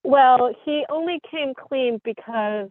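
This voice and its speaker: A woman calls in to a live advice show, her voice slightly high and hesitant, full of pauses and restarts. She comes through a tinny, dry phone line. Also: no room sound. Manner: hesitant, many fillers and restarts. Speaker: caller. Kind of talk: call-in conversation.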